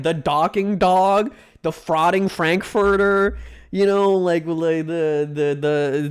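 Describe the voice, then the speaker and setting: A man's voice: sits high, smooth. A man streaming live, reacting to food pictures and chatting with viewers in a rambling, crude, joking way. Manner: rambling, crude jokey banter, drawn-out food names. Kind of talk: casual live-stream chat.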